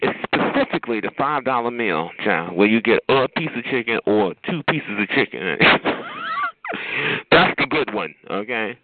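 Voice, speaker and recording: A man's voice: on the low side, expressive, normal speed, a little hiss or hum. A man calling into a chat line, teasing someone in sassy casual talk, full of "honey" and "child". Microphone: phone. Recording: tinny phone line.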